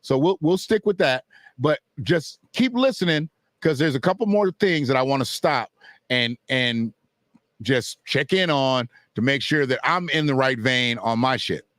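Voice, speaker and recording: A man's voice: medium pitch, expressive, measured pace, a bit bright, dry recording, studio quality. A man giving casual, blunt boxing commentary, swearing freely and answering his chat. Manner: blunt, profane, talks back to chat and clips.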